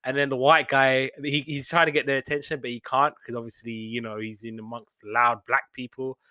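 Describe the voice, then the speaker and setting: Young man, casual recap, bright tense voice, smooth and crisp, dry close sound. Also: mid-range voice, flat delivery, no echo. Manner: chatty, loose retelling with many fillers and quick laughs. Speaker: podcast host reviewing TV shows. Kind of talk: casual recap of a sitcom episode.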